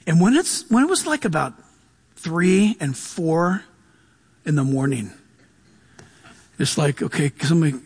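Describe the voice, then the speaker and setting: A man's voice: fairly high pitch, big pitch swings, slow, long pauses, slightly rough. A male pastor giving a sermon, telling stories with humor and laughing often.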